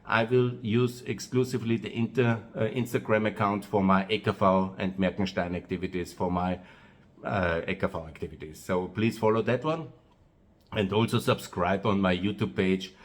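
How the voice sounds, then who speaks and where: A man with an Austrian accent, speaking in a loose, rambling monologue for his own video channel, pausing often on "uh" and repeating himself. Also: on the low side, steady tone. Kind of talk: monologue to camera.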